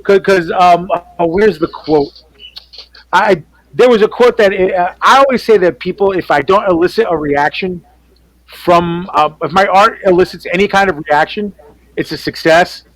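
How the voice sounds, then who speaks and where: A man, an artist, chatting casually and telling animated stories, acting out other people's voices and swearing freely. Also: sits high, moderate pace, dry recording, low-quality recording. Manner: animated storyteller who acts out quoted voices. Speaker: artist on a team panel show. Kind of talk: casual storytelling chat.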